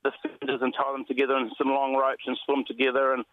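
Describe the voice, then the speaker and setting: Animated man telling his story by phone. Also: mid-range voice, fast, no room sound. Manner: rambling, animated retelling with many restarts. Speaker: shipwreck survivor guest. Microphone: telephone. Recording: tinny phone line.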